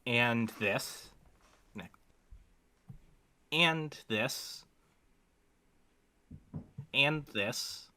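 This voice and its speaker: A man's voice: medium pitch, very slow, long pauses, bright, forceful tone. A man co-hosting a casual commentary podcast, talking bluntly and crudely with lots of fillers and restarts. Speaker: podcast co-host.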